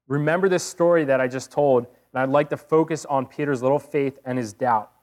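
A man preaching a sermon, retelling a story vividly and earnestly with rhetorical questions. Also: mid-range voice.

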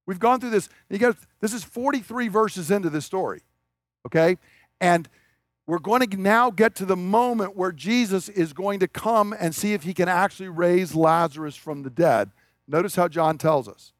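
A man's voice: sits high, moderate pace, no echo, studio quality. A man preaching a sermon in a conversational way, building up to emphatic declarations. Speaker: pastor.

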